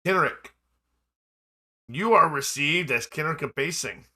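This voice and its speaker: A man running a tabletop role-playing game as game master, narrating a court feast in a measured storytelling manner and breaking into casual table talk. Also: on the high side, lively intonation, bright, forceful tone.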